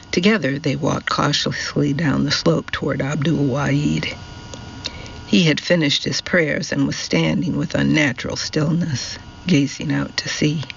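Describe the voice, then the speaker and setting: A man narrating an audiobook in a measured, steady reading. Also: fairly high pitch, vocal fry, highs cut off, a little hiss or hum.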